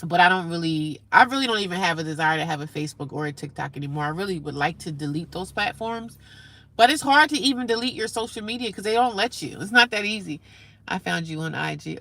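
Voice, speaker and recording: A woman's voice: mid-range voice, expressive, brisk, vocal fry, pushed and bright. A middle-aged woman chatting casually on a live stream, reading out viewer comments and answering them.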